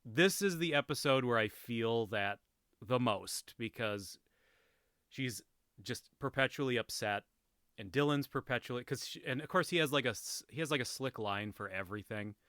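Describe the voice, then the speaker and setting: A man's voice: mid-range voice, expressive, normal speed, pushed and bright, no echo, clean studio sound. A man hosting a podcast, casually recapping a TV episode in a rambling, amused way, full of fillers and restarts. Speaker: podcast host.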